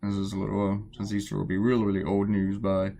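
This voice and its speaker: Lowish-voiced man rambling while drawing. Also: completely flat delivery, quick pace, vocal fry. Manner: chatty, meandering, self-deprecating, lots of fillers; quiet to avoid waking people. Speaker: cartoonist narrating his drawing. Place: at home, drawing early in the morning.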